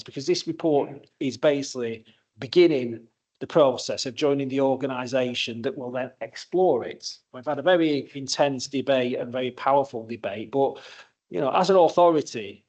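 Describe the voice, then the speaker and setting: A man speaking as a councillor at a council meeting, earnest and measured, often saying "obviously" and "you know". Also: medium pitch, darkish tone. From England. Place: council chamber.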